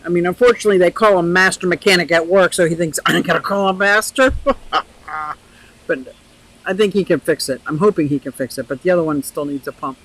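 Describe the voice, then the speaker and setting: A woman's voice: fairly low pitch, a little fast, low-quality recording. An older woman hosting a casual live chat outdoors by a pond, talking freely, laughing often and answering viewers' comments. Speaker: livestream host.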